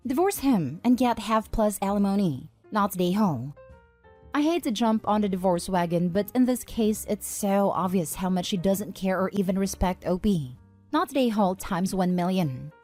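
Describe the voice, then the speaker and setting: Woman reading posts over soft music. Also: medium pitch. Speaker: narrator. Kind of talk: reading online posts aloud.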